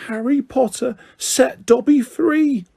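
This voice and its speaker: A man voicing a shrill, excitable male house-elf who speaks of himself in the third person. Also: takes it slowly, creaky, breathy edge, exaggerated voice. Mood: excited.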